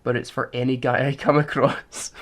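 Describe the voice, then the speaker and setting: A man's voice: mid-range voice, level tone, moderate pace, a bit bright, a little hiss or hum. A man co-hosting a casual podcast, arguing his point and reading out facts. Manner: argumentative, reads out facts. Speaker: podcast co-host. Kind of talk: casual chat.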